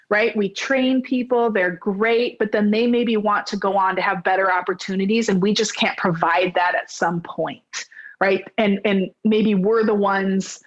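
A woman in her forties chats freely as an interview guest. She talks at a mid pitch and acts out quoted dialogue with sudden pitch jumps. Her voice comes through slightly dull, lo-fi audio. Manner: chatty and expressive, acting out quoted dialogue with big pitch jumps. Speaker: real estate business owner, podcast guest. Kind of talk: animated storytelling in a conversational interview.

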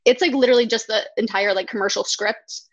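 Casual-chat woman actor, halting delivery full of fillers, muffled dry recording. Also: on the high side, fairly even intonation, fairly bright tone, dry recording. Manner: halting, many fillers, searches for words.

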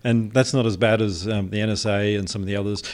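A man from Australia, a guest on a podcast, explaining things in a measured way with many pauses. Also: on the low side, fairly even intonation, darkish tone. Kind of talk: conversational interview.

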